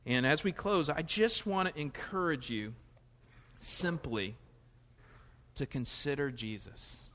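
A pastor preaching a conversational, animated sermon in a church, his voice rising in emphatic questions. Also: on the high side, slow pace, pauses often. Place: church sanctuary. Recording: long hall reverb, faint music.

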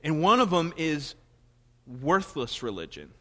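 This Florida pastor, speaking with a Southern US accent, has a high, very animated voice that's bright and forceful, kept at a measured pace. His sermon is conversational and wandering, full of self-corrections, and echoes through a large hall.

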